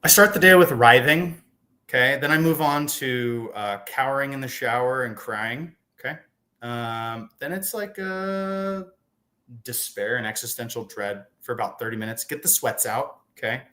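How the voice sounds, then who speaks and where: Joking chatty man, bright voice. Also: medium pitch, expressive, moderate pace. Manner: joking, self-deprecating, chatty. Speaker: guest author. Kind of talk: casual interview chat.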